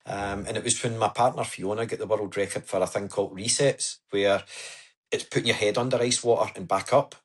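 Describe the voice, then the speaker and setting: A man's voice: on the low side, fairly even intonation, a little fast, breathy edge. A man as a podcast guest, telling his story in an earnest, chatty way. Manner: earnest, storytelling, says "aye" and "wee" often. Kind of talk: casual interview chat.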